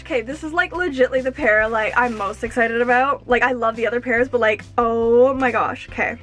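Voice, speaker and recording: A young woman unboxing earrings at home, gushing and excitable, exclaiming often. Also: high-pitched. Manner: gushing, excitable, fillers like "oh my gosh". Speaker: YouTuber. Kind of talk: unboxing vlog.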